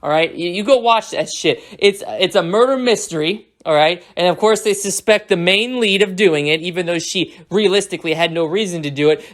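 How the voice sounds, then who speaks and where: A film reviewer delivering a satirical, heavily profane rant in a sarcastic, mocking manner. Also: mid-range voice.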